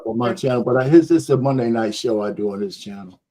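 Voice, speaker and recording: A man's voice: mid-range voice, fast, mellow. A man talking casually as a panelist on a call, rambling and laughing easily.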